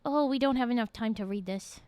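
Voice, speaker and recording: High-voiced woman reading on stream. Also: fairly quick, smooth, no echo. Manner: lively, quips to chat. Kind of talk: live-stream story reading.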